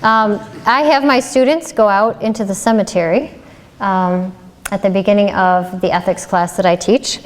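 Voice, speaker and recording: A woman's voice: mid-range voice, steady tone, moderate pace. Woman lecturing in a reverberant hall. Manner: conversational, with rhetorical questions and some "um"s. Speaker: ethics lecturer. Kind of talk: public lecture.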